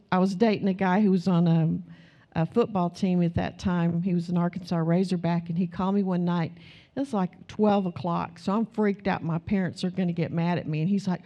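Animated, chatty woman preacher. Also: lowish voice. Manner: conversational, animated storytelling, many "you know"s. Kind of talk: sermon.

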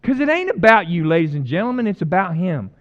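A man's voice: high voice, very animated, fast, muffled recording. A male pastor giving a casual, joking sermon that builds to fervent emphasis. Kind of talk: conversational sermon.

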